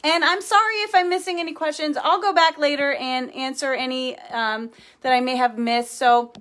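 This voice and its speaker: A woman's voice: sits high, steady tone, normal speed, a bit bright. A woman casually demonstrating furniture painting on a livestream, chatty and playful, often checking in with her viewers. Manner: playful made-up words. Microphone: phone or camera livestream.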